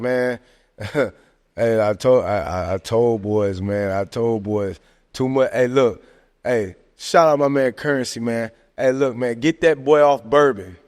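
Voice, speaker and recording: A man talking sports casually on a podcast, animated and joking, tossing in "man" and "hey, look" constantly. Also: medium pitch, clean tone. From American South. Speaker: podcast host. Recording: long hall reverb.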